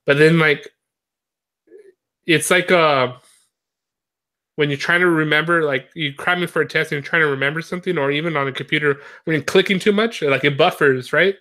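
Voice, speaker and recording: A man's voice: on the high side, fairly quick, sharp tone. A young man in casual conversation, talking loosely with lots of fillers and frequent laughter. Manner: rambling, filler-heavy, laughs often. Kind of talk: casual chat.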